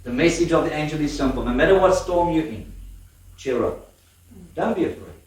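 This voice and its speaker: A man's voice: fairly high pitch, fairly quick, recorded from a distance. A man preaching a sermon in a church, telling stories with laughter and questions to the congregation. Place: church hall. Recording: echoey church hall from afar.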